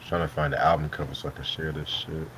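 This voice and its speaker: A man's voice: rumbling low, flat delivery, quick pace, fairly bright tone, a little hiss or hum. A man hosting a live stream, chatting loosely with lots of swearing and laughter while he eats dinner. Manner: loose, profane, laughing banter. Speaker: host. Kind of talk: casual live-stream chat.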